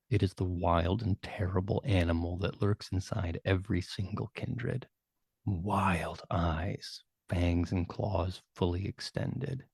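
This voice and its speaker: A man narrating a tabletop role-playing game as game master, with vivid, measured storytelling and hushed dramatic turns. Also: deep voice, creaky, slightly rough, dry recording.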